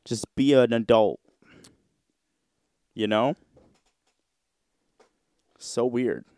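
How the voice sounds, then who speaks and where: A man's voice: mid-range voice, very slow, a little mellow, dry recording, studio quality. A young man hosting a podcast solo, chatting casually in a rambling, slangy, profane way. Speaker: podcast host.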